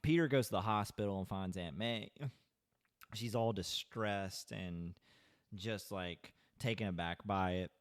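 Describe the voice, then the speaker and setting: A man's voice: on the low side, a little slow, clean tone, dry recording, studio quality. A man co-hosting a podcast, casually retelling a movie's plot in a loose, rambling way full of "like"s. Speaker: podcast co-host. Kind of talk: casual movie recap chat.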